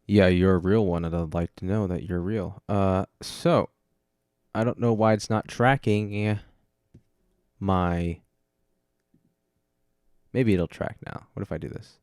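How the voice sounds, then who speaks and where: A man's voice: deep voice, fairly even intonation, takes it slowly, long pauses, a little mellow, clear, resonant tone, no echo. A young man hosting a podcast on his own, rambling casually with jokey, self-deprecating asides into a close dynamic microphone. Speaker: podcast host. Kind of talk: solo casual chat.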